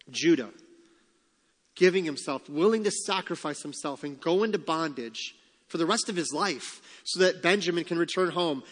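A man with a fairly high voice preaches to his congregation, reading scripture and voicing the quoted lines with animated emphasis. His voice rings with the long reverb of a church hall. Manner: expressive preaching, reads scripture aloud and acts out quotes. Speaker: pastor. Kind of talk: sermon.

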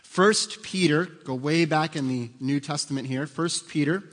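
A man in the pulpit gives a sermon in a conversational way, often asking the congregation questions. His voice sits a little high for a man. His voice carries a long reverb, as in a church sanctuary. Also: measured pace. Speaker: pastor.

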